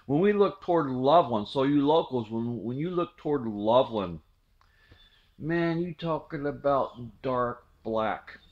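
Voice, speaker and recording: Recalling a memory casually, a middle-aged channel host from southwest Ohio rambles and repeats words. His mid-range voice is animated but unhurried, and the recording comes across muffled.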